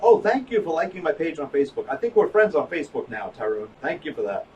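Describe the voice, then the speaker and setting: A man's voice: fairly high pitch, lively intonation, fast talker, darkish tone, highs cut off. A man, hosting a live broadcast, chatting in a rambling, joking way with restarts. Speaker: host, psychologist. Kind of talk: casual chat on a live broadcast. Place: office. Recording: from far off, faint noise.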